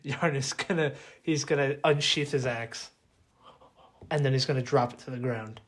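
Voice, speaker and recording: A man's voice: medium pitch, normal speed, a bit bright. Man playing a tabletop game, casual. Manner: casual, filler-heavy. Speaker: player. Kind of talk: tabletop role-play.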